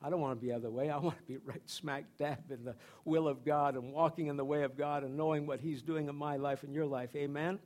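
A man's voice: on the high side, steady tone, fast, hardly any pauses, a little mellow. A middle-aged man giving a sermon in church as a pastor, conversational, with repeated phrases and restarts.

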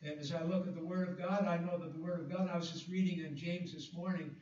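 A man preaching a sermon, reading scripture slowly and with emphasis, with fillers and restarts. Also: fairly high pitch, steady tone, a little mellow. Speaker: pastor. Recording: echoey, distant, dull room recording.

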